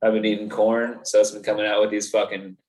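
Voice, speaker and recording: A man's voice: on the low side, monotone, fast talker, darkish tone, rough recording. A young man co-hosting a casual podcast, laid-back and laughing as he swears through crude stories. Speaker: podcast co-host. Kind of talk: casual chat.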